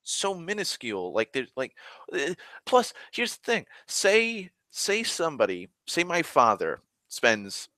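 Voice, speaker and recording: Animated, profane young man ranting. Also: on the high side, a little slow, no echo. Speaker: vlogger. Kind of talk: rambling casual monologue.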